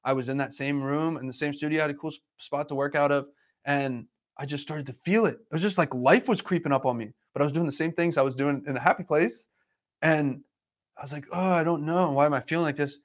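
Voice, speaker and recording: A man telling stories in a casual conversation, talking fast and animated, rambling from one thought to the next. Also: on the high side.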